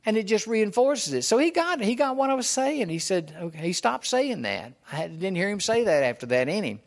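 An older man in his seventies gives a relaxed, homespun sermon. He tells personal stories and chuckles along as he talks. His voice sits a touch higher than most men's. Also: fairly quick, creaky. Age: 70s. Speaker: preacher.

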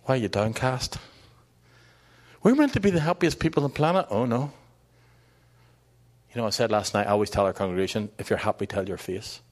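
Middle-aged man preaching; animated and conversational, voice rising and falling a lot. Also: fairly low pitch, a little fast, long pauses. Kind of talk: sermon.

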